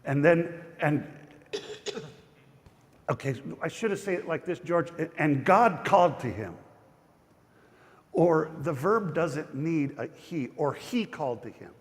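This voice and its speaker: A man's voice: fairly high pitch, expressive, takes it slowly. A male pastor giving a chatty, digressive Bible study, with frequent restarts. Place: church. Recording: church hall reverb.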